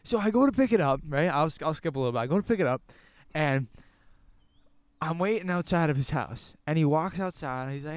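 A young man telling a rambling story in a casual outdoor podcast chat, getting animated and cursing as he goes. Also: a little high, brisk, clear, resonant tone, no echo. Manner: rambling, animated, swears when worked up. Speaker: podcast guest.

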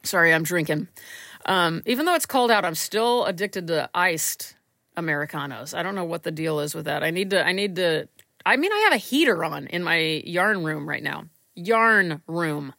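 A woman's voice: lowish voice, expressive, normal speed, gravelly, pushed and bright, no echo, clean studio sound. A woman hosting a casual solo podcast from a small room at home, rambling and self-deprecating, a little stuffy from allergies. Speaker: podcast host.

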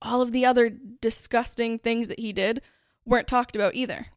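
A woman's voice: on the high side, steady tone, normal speed, smooth, no echo, studio quality. A woman hosting a true-crime podcast, telling the story in a chatty, conversational way. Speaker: podcast host.

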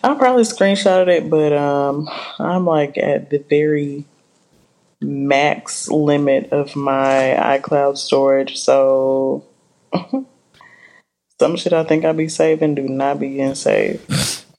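A woman's voice: sits low, steady tone, takes it slowly, darkish tone. A woman co-hosting a podcast in a casual, laid-back chat, drawing out her thoughts and chuckling now and then. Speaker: podcast co-host.

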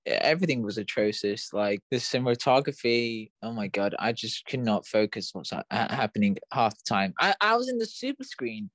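A man co-hosting a casual film review podcast, reacting with stumbling, quick agreement. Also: fairly low pitch, big pitch swings, a bit bright, no echo. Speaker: podcast co-host.

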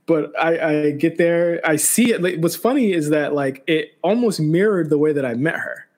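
A man's voice: fairly high pitch, expressive, normal speed, darkish tone. A young man co-hosting a podcast, telling a story in casual chat with many restarts and quoted back-and-forth. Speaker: podcast co-host.

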